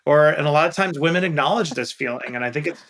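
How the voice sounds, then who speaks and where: Talking fast in a somewhat high, slightly bright voice, a middle-aged investor from Queens, New York, tells candid stories as a podcast interview guest. He is earnest and stresses key points, with a little background noise in the recording.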